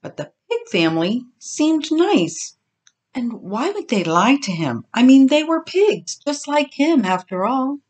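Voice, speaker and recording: An older woman reads a children's story aloud as a grandmother would. Her delivery is gentle and slow, with a lively, expressive pitch.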